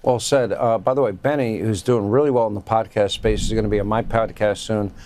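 A man's voice: fairly low pitch, fairly even intonation, fairly quick, darkish tone, a little hiss or hum. A man hosting a news talk show, introducing guests and clips with chatty, chuckling asides. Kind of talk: cable news commentary.

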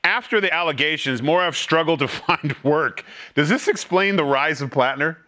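A man's voice: on the high side, moderate pace, sharp tone. A man hosting a panel talk show, joking and teasing his guests as he brings up each story. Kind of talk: casual panel banter.

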